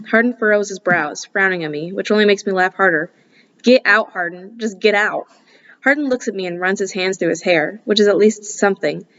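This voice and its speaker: Woman reading a novel aloud, lo-fi. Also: medium pitch. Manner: casual, breaks off for asides. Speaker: audiobook reader. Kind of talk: first-person novel narration.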